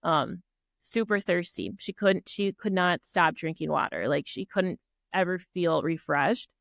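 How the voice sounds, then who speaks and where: With an unhurried, low-leaning voice touched by vocal fry, a middle-aged Minnesota woman tells a personal story as a podcast guest, in a dry, clean studio recording. Her earnest, animated retelling acts out quoted dialogue and is full of fillers like "like" and "um."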